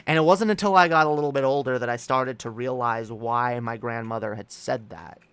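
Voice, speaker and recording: A man hosting a livestream rambles through his thoughts, stopping and restarting often, and reads comments out to react to them. His voice sounds smooth and clear at a middling pitch. It is recorded close up and dry. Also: a bit bright, no echo. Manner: rambling, halting with many restarts. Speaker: streamer host.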